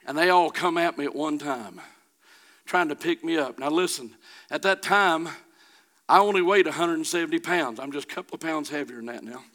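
A middle-aged man preaching a sermon, telling a folksy personal story that builds to shouting. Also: fairly high pitch, fairly quick.

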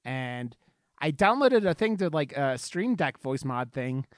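A man's voice: medium pitch, big pitch swings, measured pace, no room sound, studio quality. A man co-hosting a podcast in casual chat, rambling, swearing and joking about himself. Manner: rambling, swearing, self-deprecating. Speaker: podcast co-host.

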